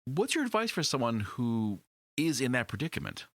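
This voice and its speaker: A man hosts an interview and talks straight to the listeners. His pitch moves a lot, from low to high within a sentence. The sound is dry. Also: sing-song, normal speed, fairly bright tone, no room sound. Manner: addresses the listeners directly. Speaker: podcast host. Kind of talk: host wrap-up to listeners.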